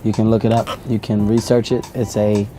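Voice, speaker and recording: A man on a talk show, speaking in a deadpan, mock-serious way about his own art. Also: on the low side, a little fast, music in the background.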